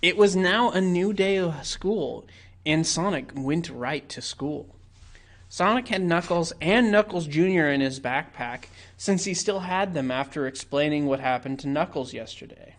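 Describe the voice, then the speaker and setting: Deadpan man reading a story aloud. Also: on the high side, a little slow. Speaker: host and narrator. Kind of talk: reading a fan story aloud on a live stream.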